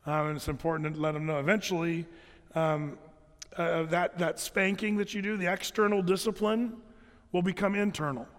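Pastor, male, higher register, conversational sermon delivery full of ums and restarts, long reverberant room. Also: fairly even intonation. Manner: conversational, halting with many fillers and restarts.

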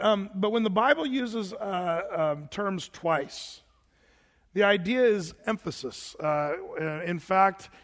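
A man's voice: high-pitched, a bit bright, big-room sound. A man preaching a sermon to his congregation in a church sanctuary, talking casually with many restarts and fillers. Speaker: pastor.

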